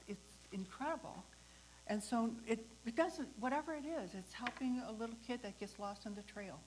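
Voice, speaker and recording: A woman hosting a talk, telling a personal story in a lively way, acting out the voices of the people in it and laughing often. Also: medium pitch, slight background noise, low-quality recording. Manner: animated, acts out the voices in her story. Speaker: host.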